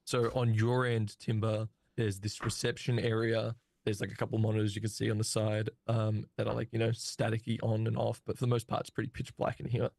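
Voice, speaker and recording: A man's voice: lowish voice, completely flat delivery, a little fast, gravelly, hardly any pauses, a little mellow, no room sound. A man narrating as game master of a tabletop game over a voice call, loose and hesitant with many fillers.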